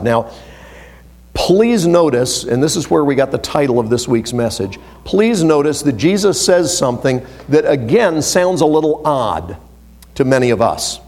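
A man preaching a sermon to his congregation. He reads scripture aloud with emphasis and swings between loud, stressed phrases and hushed, low asides. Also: sing-song, normal speed. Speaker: pastor.

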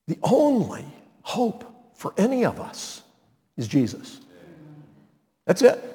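A male pastor preaching a sermon, swinging his voice high and low and slowing down to stress key words. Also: wildly swooping pitch, big-room sound. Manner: dramatic swings in pitch and loudness, slows for emphasis.

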